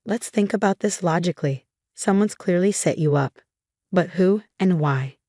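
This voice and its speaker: A woman voicing a steady, practical young female best friend who talks through problems calmly. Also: fairly low pitch, moderate pace, dry recording, clean studio sound, close to an everyday voice. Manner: calm and problem-solving.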